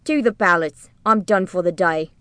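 A greedy, bossy tax collector barks his lines loudly, a pushy man used to getting his way, as a woman narrator puts him on. The storybook voice stays close and dry. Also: medium pitch, moderate pace, clean tone, no room sound, lightly acted. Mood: commanding. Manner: loud, barking orders.

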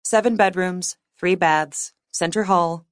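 A woman reading fiction aloud as an audiobook narrator, with measured, wry storytelling. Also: on the low side, no room sound, clean studio sound. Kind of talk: scripted narration.

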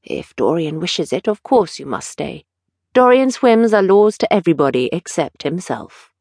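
A woman's voice: on the low side, very animated, normal speed, vocal fry, a little mellow, slightly rough, no room sound, studio quality, heavily acted. A woman voicing an earnest, slightly fretful male painter in an audiobook.

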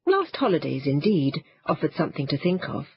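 A woman narrating a children's storybook in an expressive, animated way. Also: low-pitched, a little fast, breathy edge, dry recording, muffled recording. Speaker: audiobook narrator.

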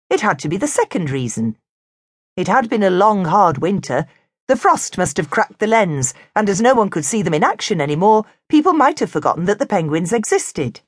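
Brief: female narrator for a kids' audiobook, lively, dry close sound. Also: mid-range voice, no echo. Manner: animated, expressive. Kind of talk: children's storybook narration.

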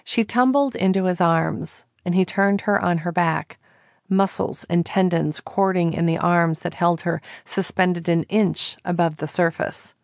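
Woman reading an audiobook, slow and lowish, dry close mic. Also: creaky, no echo. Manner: slow, even storytelling. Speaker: audiobook narrator. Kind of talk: scripted narration.

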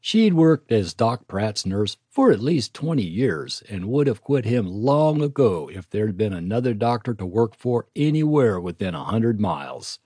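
A man narrating a western audiobook in a steady storytelling manner. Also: lowish voice, unhurried, few pauses, slightly rough, no room sound, studio quality. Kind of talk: scripted narration.

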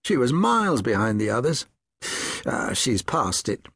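Man doing a blunt donkey keeper dad, gravelly, matter of fact. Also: medium pitch, very animated, unhurried, a bit bright, no echo, clean studio sound, exaggerated voice. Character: gruff seaside donkey keeper, a father, blunt.

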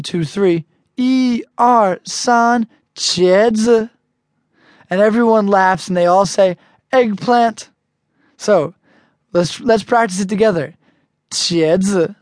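An American man teaching an audio language lesson, chatty and relaxed, slowing down carefully to model each phrase. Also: high-pitched, dry recording, studio quality. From United States.

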